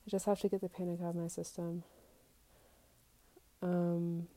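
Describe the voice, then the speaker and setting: A woman's voice: fairly low pitch, flat delivery, moderate pace, dark tone, rough recording. A woman recording a casual, confessional podcast episode. She talks candidly and with plenty of swearing, reads her text messages aloud, and sometimes drops to a whisper.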